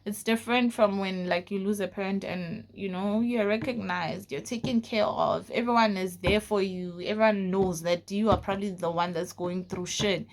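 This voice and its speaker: A young woman from South Africa telling a personal story in a casual vlog, full of fillers and often dropping to a low, quiet voice. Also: fairly even intonation, moderate pace, few pauses. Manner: casual, frequent fillers like "like" and "you know". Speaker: vlogger.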